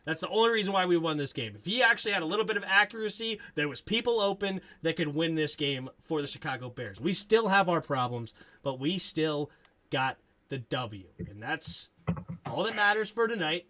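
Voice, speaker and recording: Bright, high-voiced excitable man. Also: a little fast. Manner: excitable, sarcastic, rattles off stats. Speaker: sports talk host. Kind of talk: post-game sports talk.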